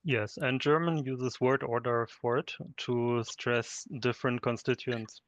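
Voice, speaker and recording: A man's voice: mid-range voice, fairly even intonation, a little slow, no room sound. Man on a dull, dry call line. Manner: brief, knowledgeable remarks. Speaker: student. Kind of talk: online group class.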